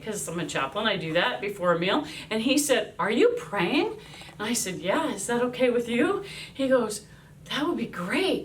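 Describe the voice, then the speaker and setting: An army chaplain in her fifties tells a devotional story with lively energy, performing the voices of those she quotes. Her voice is fairly high, recorded from a distance with a little hiss or hum.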